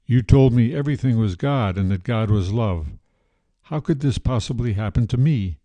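A man's voice: medium pitch, expressive, moderate pace, mellow, no room sound, highs cut off, natural voice. A man voicing an accusing injured student. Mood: accusatory. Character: young male student, wounded and accusing.

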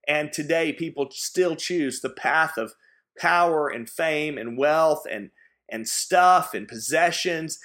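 A pastor delivers a sermon in a slightly high voice. He speaks slowly and deliberately. He is earnest and emphatic, repeating key phrases to press them home. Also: a bit bright. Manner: earnest, emphatic preaching with repetition.

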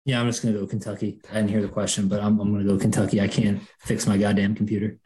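A man's voice: on the low side, flat delivery, fast talker, mellow. A man on a casual podcast over a video call, rambling and swearing easily. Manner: rambling and profane. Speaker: panelist.

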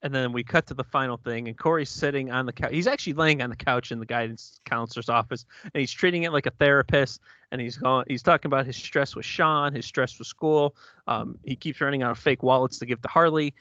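A man's voice: mid-range voice, fairly quick, pushed and bright, no echo, dull audio. A man co-hosting a podcast, casually recapping a show in a laid-back way. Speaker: podcast co-host. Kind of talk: casual chat, recapping an episode.

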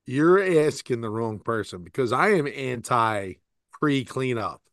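A man's voice: medium pitch, lively intonation, a little slow, fairly bright tone, no echo, studio quality. Rambling, profane man in his forties. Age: 40s. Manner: rambling, laughing, profane storytelling. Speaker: podcast co-host. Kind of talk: casual chat.

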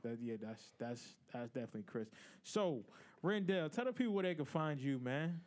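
A man's voice: fairly high pitch, sing-song, normal speed, darkish tone, no room sound. A man hosting a casual sports podcast, upbeat and promotional, with slangy everyday talk. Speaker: podcast host; radio host.

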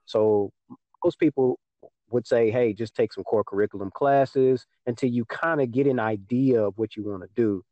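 A man's voice: mid-range voice, moderate pace, no echo, lo-fi sound. A young man from Texas in casual chat, telling a story and acting out what people said to him. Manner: storytelling, acts out dialogue with mom.

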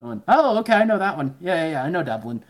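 A man's voice: high-pitched, sing-song, rapid-fire, gravelly. A man, a podcast guest, telling rambling stories in casual chat, swearing often and mumbling the voices of people he quotes.

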